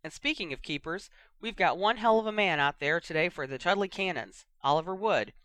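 A brash, excitable young commentator, as the reader puts him on, calling a match in a storybook reading. The tone is bright and punchy, and the recording is dry and close. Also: medium pitch, brisk, dry recording, close to an everyday voice. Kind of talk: audiobook reading.

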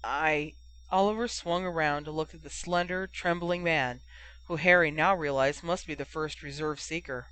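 Bright clear narrator reading a story, steady pace, doing all the voices. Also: medium pitch, normal speed, rough recording. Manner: steady storytelling, voicing each character. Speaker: audiobook narrator. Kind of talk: scripted narration of fan fiction.

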